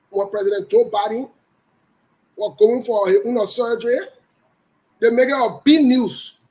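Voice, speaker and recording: A man with a Liberian English accent hosts a casual livestream in a high, mellow voice. He greets viewers one by one and jokes loosely between topics, though the audio is poor.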